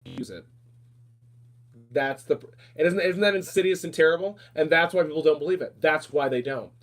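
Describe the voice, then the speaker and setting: Emphatic ranting man, higher voice. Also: lively intonation. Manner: emphatic, repetitive, fast rants. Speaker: podcast host. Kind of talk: casual ranting talk.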